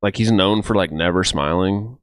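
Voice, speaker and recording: Deep-voiced man rambling in casual chat. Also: moderate pace, dry recording, studio quality. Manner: rambling, lots of "like" and restarts. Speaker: podcast co-host. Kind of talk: casual chat watching fights.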